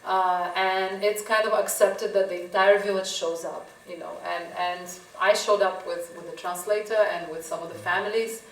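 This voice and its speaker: A woman's voice: mid-range voice, steady tone, moderate pace, few pauses. Woman, photographer at a gallery Q&A; easy storytelling manner; distant mic in a reverberant room. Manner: chatty storytelling, frequent laughs and "you know". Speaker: photographer answering audience questions. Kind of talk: gallery Q&A talk. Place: gallery talk in front of an audience. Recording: echoey room, voice from a distance, faint hiss.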